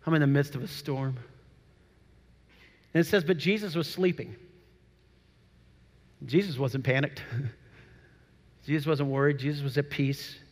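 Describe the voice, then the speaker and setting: A man preaching a sermon, telling the story with animated, acted-out quotes. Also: a little high, measured pace, pauses often. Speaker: pastor. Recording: long hall reverb.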